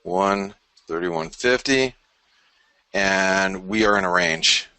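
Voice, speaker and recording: Man, trading webinar host, rambling and frank, lowish bright voice, dry close sound. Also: slow pace, smooth, no room sound. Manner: rambling, self-interrupting, frank. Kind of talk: live trading commentary over charts.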